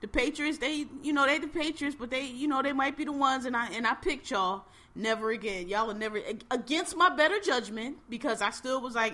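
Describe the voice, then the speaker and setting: A woman with a bright, forceful voice co-hosts a casual podcast. She rants profanely in heated bursts and swears freely. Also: sits high, a little fast, hardly any pauses. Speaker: podcast co-host. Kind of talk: casual chat.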